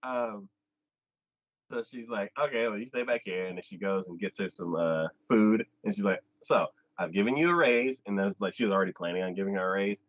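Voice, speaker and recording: A man hosting an anime podcast, retelling an episode in casual chat, jumping into high squeaky voices for the characters and laughing often. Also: a little fast, no room sound, lo-fi sound.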